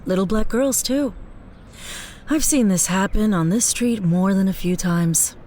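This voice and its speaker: A woman's voice: mid-range voice, expressive, measured pace, mellow, slight background noise, close to an everyday voice. An actress playing a kind, frank woman shopkeeper in an audio drama. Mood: serious.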